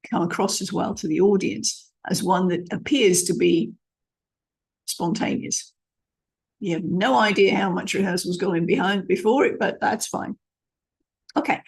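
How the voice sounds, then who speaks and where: A middle-aged speaking coach delivers an emphatic lesson on vocal tone, demonstrating different tones and frequently restarting her phrases. Her medium-pitched voice is creaky and slightly rough.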